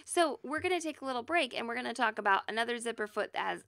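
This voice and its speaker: Young woman cohosting a sewing podcast, chatty and teasing, bit of vocal fry, dry close sound. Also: fairly high pitch, lively intonation, quick pace, sharp tone, no echo. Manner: chatty, laughs often, teasing. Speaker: podcast co-host. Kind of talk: casual chat.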